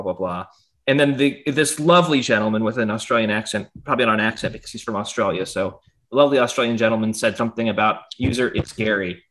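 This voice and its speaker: A man co-hosting a casual podcast, rambling and self-deprecating, often trailing off into a quiet mumble. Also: medium pitch. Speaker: podcast co-host. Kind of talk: casual chat.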